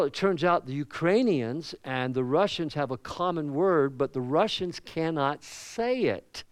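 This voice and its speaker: A pastor with a Southern US accent preaching a sermon in a conversational way, with asides and questions to the congregation. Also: male voice, on the high side, clear, resonant tone, dry recording. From American South.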